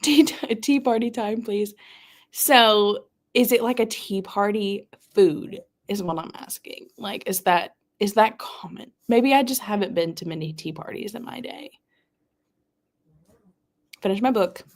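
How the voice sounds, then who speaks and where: A woman's voice: medium pitch, a little slow. A young woman with a Southern US accent, chatting in a bubbly, casual way with viewers during a live reading stream at home. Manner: bubbly and chatty, answers her chat. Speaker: booktuber hosting a live reading sprint. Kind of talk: casual livestream chat.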